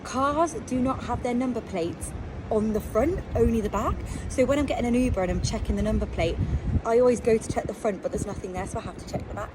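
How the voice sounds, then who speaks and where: A woman's voice: fairly high pitch, quick pace, noisy background. A chatty, upbeat English woman, a reporter, talking casually to camera. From England.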